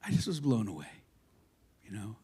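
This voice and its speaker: A man's voice: lowish voice, sing-song, fairly quick, husky. Male rabbi, sermon in a synagogue; emphatic, wide-ranging delivery, wry storytelling. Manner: impassioned, emphatic, swinging between loud declarations and quiet asides; conversational storytelling with self-deprecating humor. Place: synagogue sanctuary.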